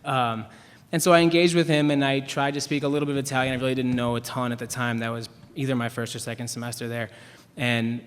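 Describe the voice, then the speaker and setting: Young male panelist, mid pitch, loose self-mocking storyteller, reverberant hall. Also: little pitch movement, fast, few pauses, clear, resonant tone. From Chicago, US. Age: young adult. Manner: rambling, self-deprecating, restarts often, laughs at himself. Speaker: writer on a panel. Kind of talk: anecdotal storytelling. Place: event hall with an audience.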